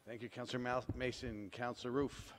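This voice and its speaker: Brisk man chairing a council meeting. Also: mid-range voice, flat delivery, slight background noise. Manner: brisk, procedural. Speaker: acting council president. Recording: long reverb of a council chamber.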